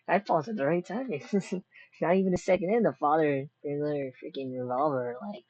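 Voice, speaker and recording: A woman with a lowish, husky voice rambles through a casual reaction, cutting in with jokes and side stories. The sound is dry and a bit dull, like a simple home mic. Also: moderate pace, a little mellow, dry recording. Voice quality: rambling, jokey, self-interrupting. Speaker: reaction video creator.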